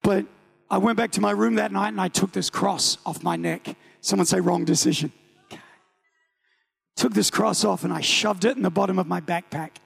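A man's voice: sits high, a little fast, gravelly, husky. A New Zealand man in his thirties preaching a sermon, telling a personal story with jokes and acted-out voices. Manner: animated, joking, acts out voices.

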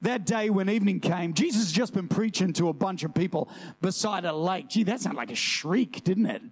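A man preaching a lively sermon to his church, telling stories and jumping into high shouted voices when he quotes people. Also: a little fast, slightly rough. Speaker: pastor.

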